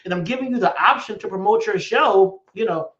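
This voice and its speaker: A man's voice: sits high, brisk, fairly bright tone. A man hosting a live online talk show, preaching and joking with viewers by name. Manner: preachy and playful, talks to chat viewers by name. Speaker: host. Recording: echoey, dull lo-fi stream audio.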